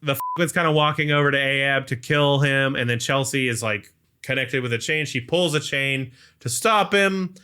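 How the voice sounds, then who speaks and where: A man co-hosting a podcast, recapping a film in a rambling casual way, full of "like" and quick acted-out lines. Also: medium pitch, sharp tone, clear, resonant tone. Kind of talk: casual chat.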